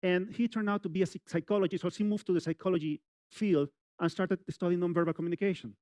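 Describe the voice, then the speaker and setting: A middle-aged man lectures on public speaking, animated and direct, scattering "you know" through his sentences. His voice sits a little high and comes through dry and close, with no room echo. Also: fast, few pauses. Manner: animated, addresses audience directly, many "you know" fillers. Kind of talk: live university lecture. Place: university lecture hall.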